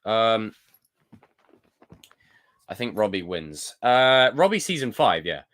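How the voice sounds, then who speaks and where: An animated young man from the UK hosts a solo live stream and chats to his viewers. His pitch swings widely as he talks. He reads comments aloud and answers with quick jokes. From United Kingdom. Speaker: livestream host. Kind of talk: casual live-stream chat.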